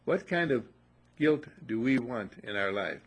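Gravelly older man giving folksy pep talk. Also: mid-range voice, expressive, unhurried. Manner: folksy storyteller, repeats affirmations. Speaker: motivational speaker. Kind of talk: casual motivational talk.

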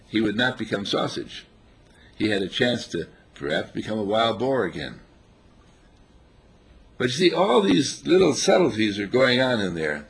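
A man giving an informal sermon on a spiritual path, telling stories with animated chuckles. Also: medium pitch, gravelly, slightly rough. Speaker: spiritual teacher.

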